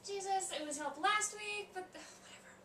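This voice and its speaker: Woman doing a grumpy, shrill assistant. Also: brisk, bright, forceful tone, roomy sound, recorded from a distance, a little hiss or hum. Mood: irritated. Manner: annoyed, sulky.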